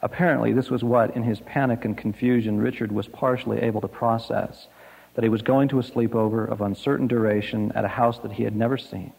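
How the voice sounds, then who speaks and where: A man preaching a sermon, telling a story slowly and dramatically, letting his lines fade to a hush. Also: mid-range voice, steady tone, gravelly, husky. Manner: slow, dramatic storytelling with soft, hushed line endings. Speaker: pastor. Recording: echoey hall.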